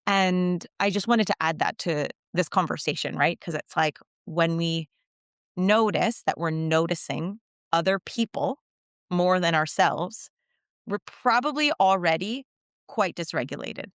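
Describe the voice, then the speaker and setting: Laughing woman coach, low voice. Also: no echo, studio quality. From United States. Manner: reflective, warm laughs, quick asides. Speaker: intuitive coach, podcast guest. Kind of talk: podcast conversation.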